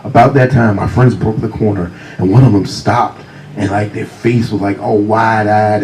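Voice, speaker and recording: A man with a deep voice telling humorous anecdotes as a guest author at a library talk, speaking close to a handheld mic. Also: steady tone, moderate pace, slight background noise, poor audio. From Virginia, USA. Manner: warm, humorous anecdotes, often laughing. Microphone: handheld mic close to mouth.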